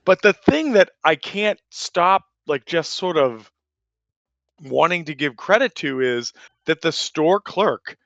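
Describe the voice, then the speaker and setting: A man's voice: a little high, sing-song, slow pace, vocal fry, fairly bright tone, no echo, highs cut off. A man in his forties telling a rambling, profane anecdote in casual chat, full of fillers and restarts. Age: 40s. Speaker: player telling a story.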